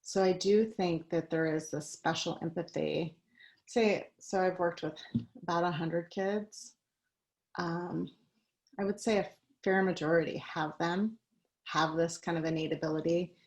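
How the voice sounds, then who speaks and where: A woman's voice: on the low side, fairly even intonation, a little slow, darkish tone, rough recording. A woman giving a conversational talk on a video call, mixing personal stories with practical advice and light laughs. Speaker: guest speaker.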